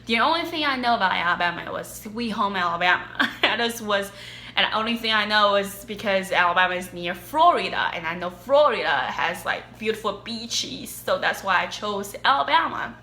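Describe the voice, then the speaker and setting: A young woman with a Chinese accent talks through viewer questions in a loose, animated way and laughs often. Her voice is bright and clear at a medium pitch. The room around her sounds echoey. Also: moderate pace. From China. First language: Mandarin Chinese. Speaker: vlogger. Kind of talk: casual Q&A chat.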